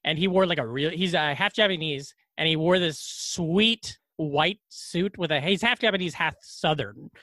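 A man in his thirties chatting as a podcast co-host, quick and chatty, laughing often and full of "like" and "yeah". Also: on the high side, sharp tone, no room sound, studio quality. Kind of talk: casual chat.

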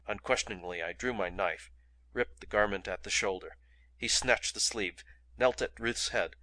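A man reading an adventure novel aloud in steady, dramatic narration. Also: on the low side, moderate pace. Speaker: audiobook reader. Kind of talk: audiobook narration.

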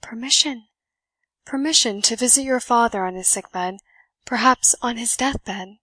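A stern young gentleman speaks in solemn, commanding tones, as a woman reading aloud puts him on. The sound is dry and close. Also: a little high, measured pace, no room sound. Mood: indignant.

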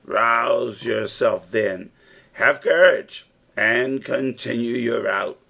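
A man's voice: medium pitch, slow, vocal fry, sharp tone, exaggerated voice. A man reading an older male professor who gives firm, encouraging instructions, as an audiobook character. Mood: rousing.

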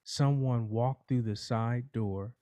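A man preaching a sermon, telling a courtroom parable in a slow, dramatic storytelling manner. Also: medium pitch, fairly even intonation, dark tone, dry recording.

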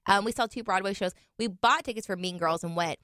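A young woman from Minnesota co-hosting a podcast in casual chat, teasing and quick to react. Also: medium pitch, fairly bright tone, no echo, studio quality. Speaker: podcast co-host.

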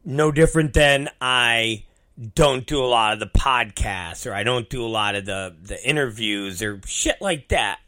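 A man talks at an unhurried, drawn-out pace in a bright, forceful voice. He rambles through a casual monologue, cursing freely and running himself down. His pitch sits in an ordinary middle range. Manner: rambling, swears freely, self-deprecating.

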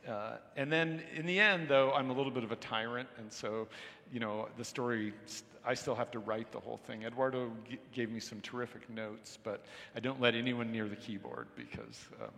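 A man's voice: mid-range voice, expressive, brisk, creaky, sharp tone. A middle-aged man, an author, talking in a rambling, self-deprecating way at a live onstage interview, acting out quoted remarks. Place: hall with an audience. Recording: reverberant hall recording.

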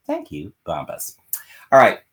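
A man from Philadelphia co-hosting a podcast in casual, animated chat with many fillers and asides, also reading an ad. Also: low-pitched, a little slow. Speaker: podcast co-host. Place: vacation spot.

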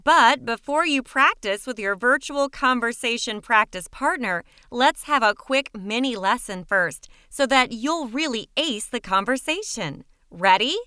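Bright, crisp woman presenter. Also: fairly high pitch, expressive, unhurried, hardly any pauses, no room sound, clean studio sound. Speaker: lesson presenter. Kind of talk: scripted promotional intro.

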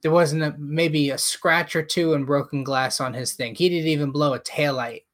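A man's voice: a little high, moderate pace. A man in casual conversation, telling a story and acting out what people said. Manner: animated storyteller, acts out quotes. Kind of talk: casual chat.

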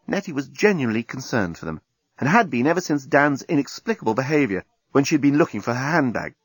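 Male audiobook narrator, wry and animated. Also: medium pitch, fast, slightly rough, no echo.

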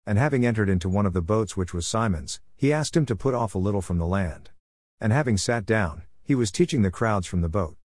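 A man with a lowish voice reads scripture aloud. He moves steadily through short phrases at a measured pace. The recording is dry and close. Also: expressive, darkish tone, no room sound. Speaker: scripture reader. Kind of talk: scripture reading.

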